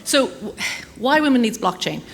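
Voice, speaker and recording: A woman's voice: a little high, big pitch swings, normal speed. A middle-aged woman, giving a chatty conference talk full of anecdotes and self-deprecating jokes. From Ireland. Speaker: conference speaker. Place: conference hall.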